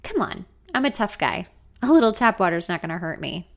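A woman's voice: fairly low pitch, big pitch swings, fairly quick, gravelly. A woman voicing an easygoing, confident young man who speaks in a Southern drawl and teases playfully. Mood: teasing. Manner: chipper, teasing.

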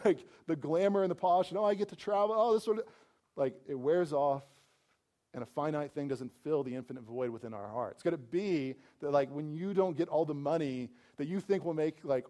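A man's voice: on the high side, mellow. A man preaching a sermon in a casual, conversational way, often saying "like" and acting out what people might say. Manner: conversational, full of "like" fillers, acts out quoted voices. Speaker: pastor.

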